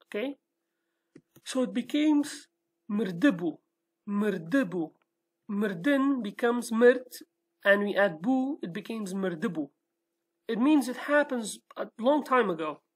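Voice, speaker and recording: A woman's voice: medium pitch, lively intonation, slow pace, pauses often, husky. A woman with a Kurdish accent and Kurdish as her first language, teaching a language lesson patiently step by step and often checking with "okay?". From Iraqi Kurdistan, Sulaymaniyah.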